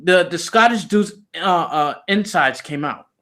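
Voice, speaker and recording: High-voiced man telling a story. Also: expressive, a little slow, bright, forceful tone. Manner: loose, slangy and profane, heavy on "you know". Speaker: interview guest. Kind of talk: casual storytelling.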